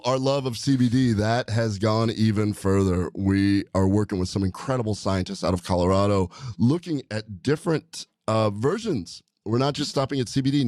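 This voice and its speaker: A man's voice: fairly low pitch, a little mellow, no room sound, studio quality. A man hosting a casual podcast, talking upbeat and enthusiastic with a rambling flow. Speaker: podcast host, doctor. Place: studio.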